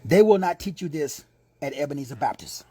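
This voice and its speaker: Un predicatore texano dalla voce alta e molto mobile, un po' roca, che insegna con tono giocoso e gergale. Spesso abbassa la voce fino a un sussurro per i commenti a parte. La registrazione è secca, senza riverbero. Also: male voice, a little high, expressive, a little fast, breathy edge, no room sound. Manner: playful and slangy, dropping into hushed whispers for asides. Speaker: preacher and teacher. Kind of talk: informal sermon teaching.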